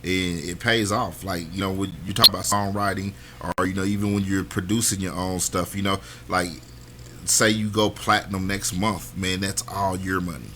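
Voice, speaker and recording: A man's voice: sits low, flat delivery, normal speed, noisy background. A man from Kansas hosting a radio talk show, chatting casually in a laid-back way. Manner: laid-back, lots of "you know what I mean" and "man". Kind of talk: casual interview chat.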